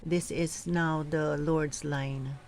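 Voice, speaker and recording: A woman coaching church readers, giving slow, careful instructions and sounding out pronunciations. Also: low-pitched, steady tone, darkish tone, slight background noise, poor audio. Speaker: reading coach. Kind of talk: instructional talk on proclaiming scripture.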